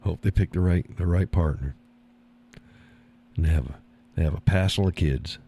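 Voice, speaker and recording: A man's voice: sits low, normal speed, warm tone, slightly rough. A man hosting a live stream, chatting casually and reading the chat, folksy and easygoing, often repeating his own phrases.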